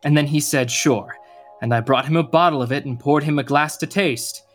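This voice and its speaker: A young actor playing a tired, gentle uncle in a radio drama, patient but quick to flare. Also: male voice, fairly high pitch, faint music behind, lightly acted. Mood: storytelling. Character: uncle Gio, weary, tender, short-tempered.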